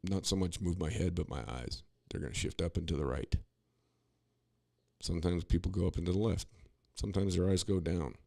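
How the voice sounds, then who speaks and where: Deep gravelly man, opinionated podcast talk. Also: brisk, warm tone, no echo, clean studio sound. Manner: rambling, opinionated, many restarts and "you know"s. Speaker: podcast co-host. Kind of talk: casual political commentary.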